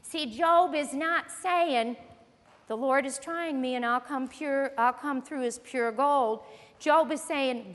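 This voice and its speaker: A woman's voice: sits high, measured pace, fairly bright tone. A woman preaching a sermon, teaching earnestly and emphatically as she reads scripture aloud. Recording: long reverb of a large hall.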